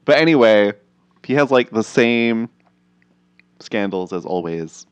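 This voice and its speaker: Low-voiced laid-back podcast co-host. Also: male voice, expressive, a little slow, clear, resonant tone, dry recording. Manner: easygoing, filler-heavy storytelling. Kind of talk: casual chat.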